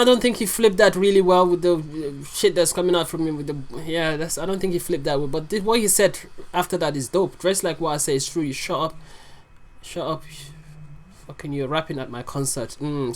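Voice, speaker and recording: Excitable, profane reaction video host. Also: mid-range voice, brisk. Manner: excitable and profane, explains the lyrics aloud. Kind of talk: casual reaction commentary.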